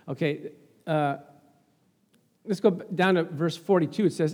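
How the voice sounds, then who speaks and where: Brief: a chuckling, expressive male preacher, high-pitched, sermon in a reverberant church. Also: a little slow, pauses often. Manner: laughing, animated, talks back to the congregation.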